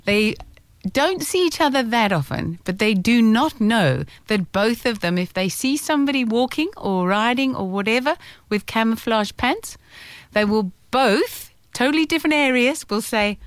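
A woman's voice: a little high, expressive, moderate pace, dry recording. A woman co-hosting a radio show, chatting casually and laughing easily as she talks. She is from South Africa. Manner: chatty, laughs often, trails off mid-sentence. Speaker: radio co-host.

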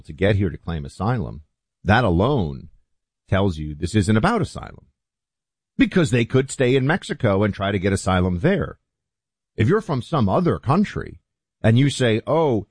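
A man hosting political talk radio who speaks forcefully and sarcastically and acts out little stories. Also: on the low side, no room sound. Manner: forceful, sarcastic, animated storyteller. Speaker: radio host.

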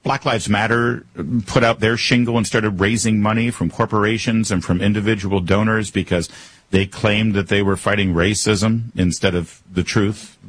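A man's voice: fairly low pitch, breathy edge, no room sound. A man hosting a political commentary show, talking in a sarcastic, emphatic and rhetorical way. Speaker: commentary host.

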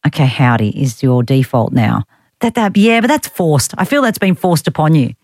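A woman's voice: deep voice, sing-song, normal speed, a little mellow, dry recording. Chatty Australian woman radio host. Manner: chatty, wry and teasing, reads out listener texts. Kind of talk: casual talkback radio chat. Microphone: studio microphone.

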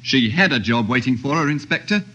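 Dutiful sergeant, deferential, bright and firm. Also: male voice, medium pitch, lively intonation, fairly quick, dull audio. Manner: deferential, matter-of-fact reports. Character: dutiful male police sergeant, respectful. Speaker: police sergeant. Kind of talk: 1950s radio drama acting.

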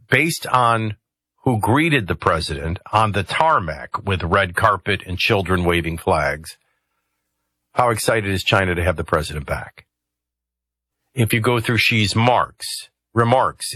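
A man's voice: fairly low pitch, sharp tone, breathy edge, no room sound. A man hosting a talk radio show, commenting conversationally with rambling asides and hesitations into a studio microphone.

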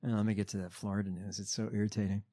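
A man co-hosting a podcast, calmly steering casual political talk. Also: on the low side, racing. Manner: calm, steering the conversation. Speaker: podcast co-host.

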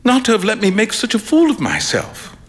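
An actor playing a sulky, embarrassed young gentleman who talks ruefully. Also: high voice, wildly swooping pitch, brisk, big-room sound, pitched above the performer's own voice, full character voice.

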